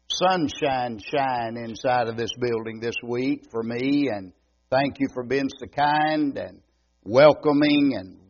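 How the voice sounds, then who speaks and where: An older man with an East Texas drawl preaches in a homey, joking way, taking his words very slowly. His voice sits in an ordinary middle pitch. The church recording sounds dull and lo-fi. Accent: East Texas Southern. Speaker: visiting preacher. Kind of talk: folksy sermon. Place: church sanctuary.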